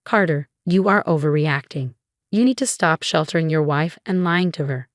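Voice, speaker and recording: Woman reading scornful older mother-in-law, meddling, flat even delivery, dry sound. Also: low-pitched, normal speed, no echo, natural voice.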